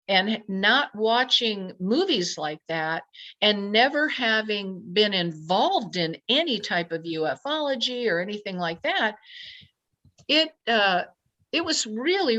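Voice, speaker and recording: Woman guest telling her story, acts out what she was thinking, kinda dull lo-fi audio. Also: medium pitch. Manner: animated, acts out her own past thoughts in quotes. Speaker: podcast guest. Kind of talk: personal storytelling. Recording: dull lo-fi sound.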